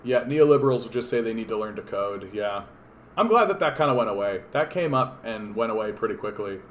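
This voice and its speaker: A man's voice: lowish voice, animated, fairly quick, a little hiss or hum. A man from Canada hosting a political livestream, talking in a casual, rambling, profane and sardonic way with lots of fillers and restarts.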